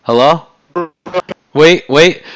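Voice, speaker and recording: A man's voice: a little high, extremely slow, a bit bright, no echo. A young man chatting and teasing a friend on a video call, swearing freely and joking around. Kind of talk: casual video-call chat.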